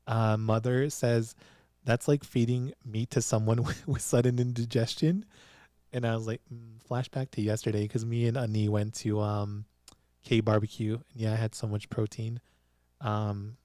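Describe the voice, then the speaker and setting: Male podcast host, casual giggly recap voice, mellow tone, close dry sound. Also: mid-range voice, normal speed, no echo. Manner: giggly, animated storytelling with frequent laughs. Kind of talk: casual chat recapping a TV drama. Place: small studio with a producer present.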